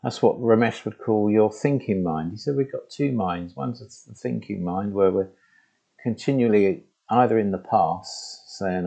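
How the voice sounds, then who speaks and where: A man talks slowly into a laptop mic in a room at home. His voice is low, dark and gravelly, with a husky edge. He speaks in a halting, conversational way, often breaking off and starting again. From England. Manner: halting and conversational, with many restarts and "you know". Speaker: spiritual teacher. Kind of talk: reflective spoken monologue to camera. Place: room at home with the door open. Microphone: laptop microphone.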